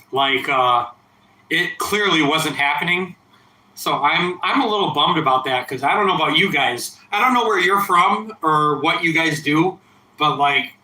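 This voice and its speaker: A man in his thirties rambles through a casual late-night stream, profane and defiant, a bit tipsy from drinking. His voice sits a touch high and sounds bright and edgy. The room gives it a noticeable echo. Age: 30s. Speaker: livestreamer.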